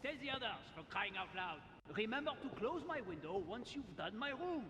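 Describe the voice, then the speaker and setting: A man's voice: high voice, big pitch swings, a little fast. Cranky, bossy nobleman from afar. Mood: irritable. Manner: impatient, complaining, bossy. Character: cranky, demanding nobleman ordering a servant. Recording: distant, echoey, noisy game audio.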